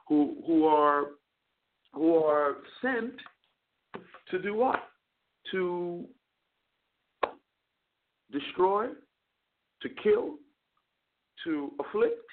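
Male chaplain and radio host, earnest sermon, stumbling repeats, gravelly, phone-line sound. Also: high-pitched, animated, slow, long pauses. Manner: earnest preaching with frequent stammered repeats. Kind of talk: preaching a sermon on a call-in radio show.

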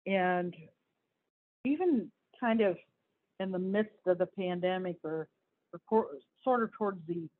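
A woman's voice: lowish voice, unhurried, long pauses. Woman host, casual news talk, rambling and chatty, tinny phone-like sound. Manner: chatty, rambling, with frequent restarts and asides.

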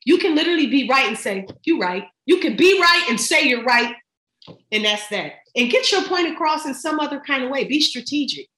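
A woman's voice: high-pitched, expressive, a little fast, sharp tone. A middle-aged woman talking as a podcast guest in casual chat, emphatic and slangy as she gives advice. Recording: roomy echo.

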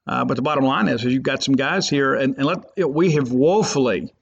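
A man's voice: medium pitch, brisk, vocal fry, a little hiss or hum. A man hosting a sports podcast, talking in an emphatic, rambling way. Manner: emphatic, rambling, fan loyalist. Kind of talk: opinionated sports talk. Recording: muffled lo-fi podcast audio.

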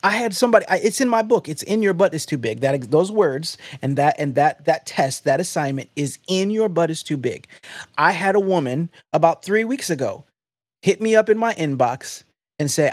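A man hosting a faith podcast, preaching in an emphatic, animated, conversational way. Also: a little high, moderate pace, no echo, clean studio sound. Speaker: podcast host.

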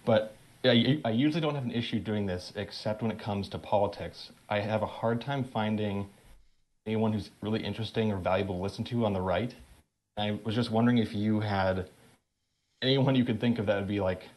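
Hesitant, low-voiced male caller. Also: a little fast, darkish tone. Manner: hesitant, thoughtful, filler-heavy. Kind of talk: casual call-in question.

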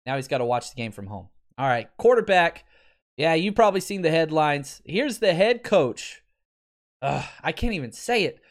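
A man's voice: on the high side, sing-song, moderate pace. A man in his thirties hosting a casual sports podcast, wry and exasperated, laughing often as he talks. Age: 30s.

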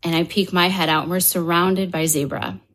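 A woman guest telling a personal story, acting out quoted dialogue in an animated way, with frequent restarts. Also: lowish voice, fairly quick.

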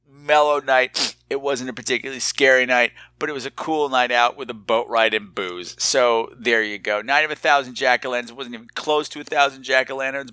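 Bright, animated male podcast host. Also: medium pitch, dry recording. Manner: animated, rambling, self-mocking. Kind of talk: casual storytelling.

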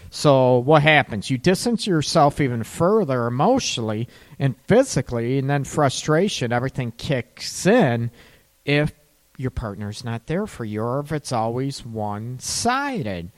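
A middle-aged man, a counselor, hosting a call-in advice show and acting out couples in quick asides with laughs between points. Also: mid-range voice. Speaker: counselor and radio show host. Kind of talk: call-in radio advice talk.

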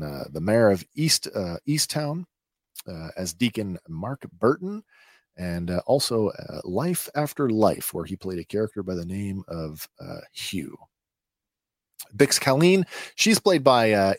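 A man hosting a podcast, recapping a TV episode in a conversational, halting way. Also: lowish voice, darkish tone, dry recording, studio quality. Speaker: podcast host.

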